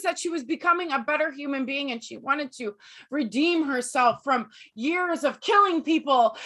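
A woman's voice: high voice, moderate pace, a bit bright. A woman co-hosting a casual podcast chat, swearing freely as she rants heatedly. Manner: heated, swears a lot, ranting. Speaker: podcast co-host.

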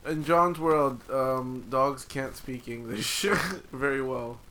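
A man's voice: mid-range voice, fairly even intonation, takes it slowly, pushed and bright, slight background noise. A man hosting a casual podcast, steering the talk and teasing his guests, swearing casually. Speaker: podcast host. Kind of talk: casual chat.

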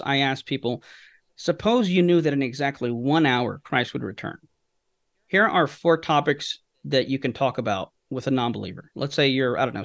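This podcast guest teaches through stories, asking himself questions and then answering them as he explains how he works. He has a mid-range, fairly bright male voice. The recording is dry and clean, with studio quality.

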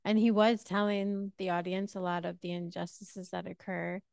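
Clear-voiced woman podcast co-host. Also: on the low side, little pitch movement, moderate pace, darkish tone, no room sound. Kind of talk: casual chat.

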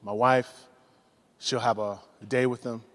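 Animated preacher in a reverberant hall. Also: male voice, medium pitch, a little slow. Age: 40s. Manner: animated storytelling, acts out voices. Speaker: pastor. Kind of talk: sermon.

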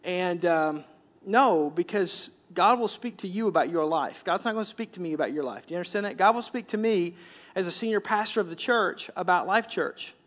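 A man's voice: high-pitched, brisk, fairly bright tone. A middle-aged man preaching a sermon as senior pastor, in a conversational style, often repeating words and quoting scripture. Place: church sanctuary.

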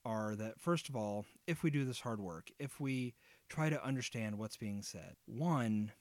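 A man explains Bible study in an earnest, conversational way, sometimes with a light joke. His pitch sits in a middle range for a man. The recording is dry and close, with no room echo. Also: a little slow, darkish tone. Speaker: Bible teacher.

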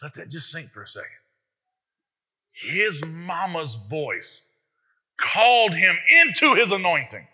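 A male pastor delivers a lively sermon, leaning on rhetorical questions and emphatic asides. His voice sits a little high and rings very bright and forceful. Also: takes it slowly, pauses often, slightly rough.

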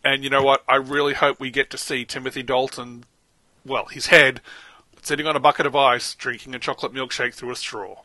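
Bright-voiced Australian man, lively podcast chat. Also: mid-range voice, brisk, dry recording. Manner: animated, enthusiastic, laughs often. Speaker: podcast co-host. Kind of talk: casual chat.

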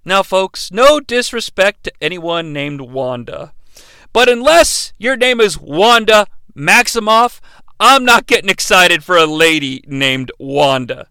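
A man with a high, bright voice recaps a movie in a lively, joking way. His tone is smooth and crisp, and the recording is dry and close with no room sound. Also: no echo. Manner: animated, joking, breaks into impressions. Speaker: movie reviewer. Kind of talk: comedic movie recap commentary.

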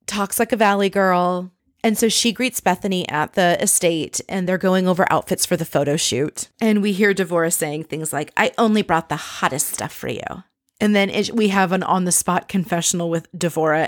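A woman's voice: lowish voice, dry recording, studio quality. A woman hosting a casual, chatty recap with wry, sarcastic asides. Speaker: podcast host recapping a reality show.

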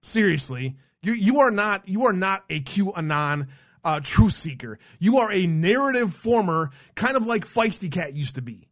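Fiery, profane man with a high voice. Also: big pitch swings, moderate pace, a bit bright. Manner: profane, blunt, rambling with many restarts. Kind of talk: heated ranting commentary.

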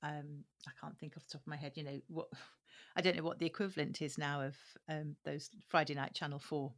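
A woman with a notably low voice, speaking as an audiobook producer in an interview. She talks thoughtfully, pausing on ums and restarting phrases as she works out her points. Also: flat delivery. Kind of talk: interview answers.

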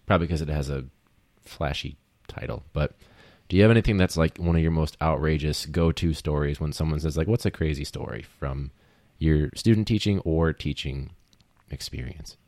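A young man hosting a casual podcast, rambling with lots of fillers and quick laughs. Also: very deep voice, a little mellow, dry recording. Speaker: podcast host, teacher.

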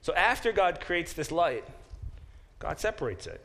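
A man teaching a Bible class as a professor, thinking aloud with restarts and slowing down to sound out Hebrew words. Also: on the high side, wildly swooping pitch, vocal fry, fairly bright tone. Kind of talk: classroom lecture.

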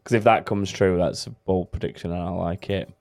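A man with a low, deep voice hosts a casual podcast. He rambles in a relaxed way, with plenty of fillers. The sound is dry and close. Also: brisk, no echo. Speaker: podcast host. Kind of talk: casual chat.

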